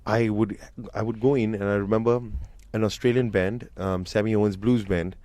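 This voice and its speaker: A man's voice: on the low side, normal speed, no echo. A man, a guest musician, telling stories animatedly in a radio interview in a studio. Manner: animated storyteller.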